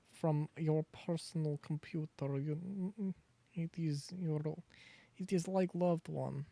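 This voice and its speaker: A young male streamer muses aloud while he plays, wandering off on tangents and interrupting himself. His voice is gravelly and mellow, a touch higher than most men's, and it sounds dry and close to the mic. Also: no room sound. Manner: rambling, self-interrupting, chatty asides. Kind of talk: casual gaming commentary.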